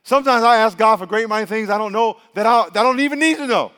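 Animated male pastor with a higher voice. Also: fast talker, clean tone. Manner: animated, joking storyteller, then hushed and earnest in prayer. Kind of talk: sermon.

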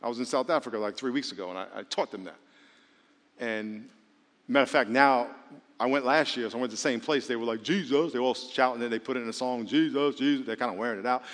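Long reverb trails a pastor's mid-range voice as he preaches at a quick pace. The sermon is lively and full of jokes, and he calls questions out to the congregation.

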